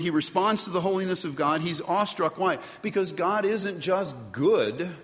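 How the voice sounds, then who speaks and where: A man's voice: sits high, normal speed, few pauses. Man preaching in a big echoing hall. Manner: animated preaching with asides to the congregation. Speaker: pastor. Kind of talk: sermon. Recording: long reverb of a large hall.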